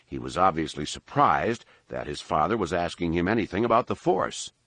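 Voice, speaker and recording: A man's voice: deep voice, very animated, moderate pace, a bit bright, no room sound. A man narrating a novel audiobook expressively and doing voices for each character.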